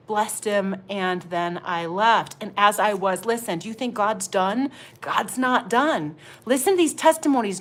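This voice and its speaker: A middle-aged woman minister telling a lively faith testimony and prophesying over listeners, calling them honey. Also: medium pitch. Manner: animated storytelling, exclamatory, addresses listeners as honey.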